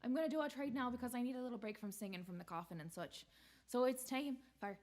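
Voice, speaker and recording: A woman's voice: fairly high pitch, quick pace, a little mellow. A woman hosting a live-streamed variety show, chatting casually and bantering in a rambling way.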